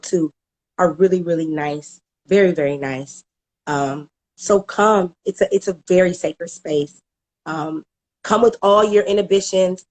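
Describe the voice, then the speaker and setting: Middle-aged woman, heartfelt testimonial, lots of restarts and little laughs, lowish voice. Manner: halting, repeats words, laughs often. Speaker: coaching program client giving a testimonial. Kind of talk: emotional personal testimonial.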